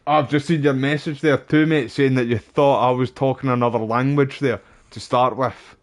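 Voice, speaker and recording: A man's voice: medium pitch, steady tone, normal speed. A Scottish man live-streaming a game, chatting casually and rambling as he talks with his viewers. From Scotland. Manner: chatty, rambling, says "wee", "aye" and "mate".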